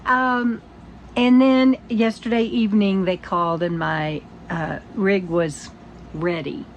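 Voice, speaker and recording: An older woman chatting to camera from her RV, tired, halting and rambling with restarts and soft laughs. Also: mid-range voice, fairly even intonation, slight background noise, poor audio. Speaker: vlogger. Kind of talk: casual morning chat to camera. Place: inside her RV.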